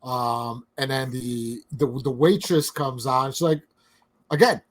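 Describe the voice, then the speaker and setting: A man's voice: medium pitch, takes it slowly. A man co-hosting a movie review podcast, sarcastic and blunt, swearing freely. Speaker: podcast co-host. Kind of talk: casual movie review chat.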